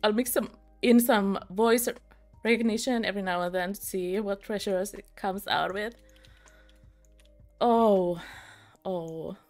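In a medium-pitched, darkish voice, a young British woman talks a little slowly with long pauses while streaming a game. She chats with viewers, laughs often, and pokes fun at herself, with faint music in the background.

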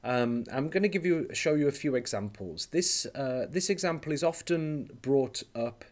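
A male teacher with a medium-pitched voice gives an online lecture, explaining things step by step in a relaxed way. He often pauses with "okay" and "um."

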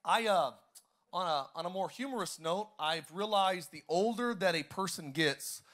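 A man's voice: sits high, lively intonation, normal speed, fairly bright tone. A young adult man, a pastor, preaching a sermon in a church auditorium and drawing call-and-response from the congregation.

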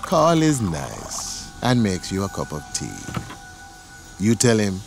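A man's voice: on the low side, very animated, slow pace, faint music behind. A man narrating a scripted story in the second person, in a dramatic storytelling manner.

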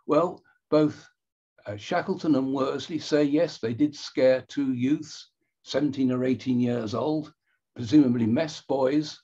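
A man giving an illustrated history talk with slides, measured and wry, pausing and correcting himself as he goes. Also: medium pitch, warm tone, breathy edge, highs cut off.

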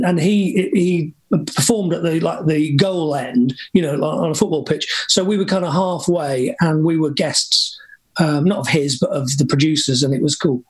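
A man from England, a music producer guest speaking with wry humor. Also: on the high side. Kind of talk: casual interview chat.

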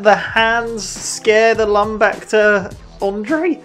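An excitable let's-play host who narrates their own gameplay, laughing often and muttering to themselves. They speak at an unhurried, drawn-out pace. Faint game music plays behind them. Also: medium pitch. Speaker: gaming channel host.

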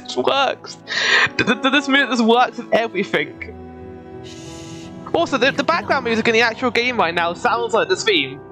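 Young woman streamer gabbing over a game, laughs a lot, soft music going behind. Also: a little high, animated, normal speed. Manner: chatty, laughing, talks to the game and chat. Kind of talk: casual gameplay commentary. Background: faint game music.

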